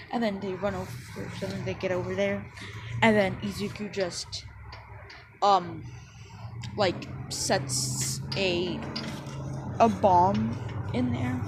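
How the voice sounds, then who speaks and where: A woman casually telling a fan story, rambling along with lots of fillers and dropping into quick quoted lines. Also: on the low side, noisy background.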